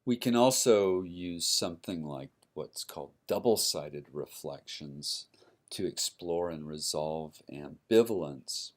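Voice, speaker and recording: A man's voice: sits low, slow pace. A man giving a university lecture, explaining step by step and checking in with his listeners by asking "right?" as he goes. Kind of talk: recorded classroom lecture.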